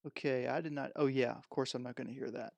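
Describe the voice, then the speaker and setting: Man, gravelly, mid-pitched, rambling unscripted stream talk into a headset mic, dry close sound. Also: fairly even intonation, quick pace, darkish tone, dry recording, faint music behind. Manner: rambling, thinking aloud while handling gear. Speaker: streamer unboxing music gear. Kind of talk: unscripted live stream chat. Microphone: headset microphone.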